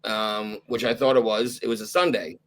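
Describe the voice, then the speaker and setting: A man hosting an interview podcast, gently prompting his guest with short questions and affirmations. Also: on the low side, fairly even intonation, normal speed. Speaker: podcast host.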